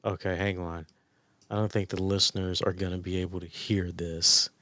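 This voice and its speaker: A man co-hosting a podcast, telling stories in a rambling, excitable way with lots of fillers and swearing. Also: low voice, normal speed, no room sound. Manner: rambling, excitable, profane storytelling. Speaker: podcast co-host. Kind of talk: casual chat.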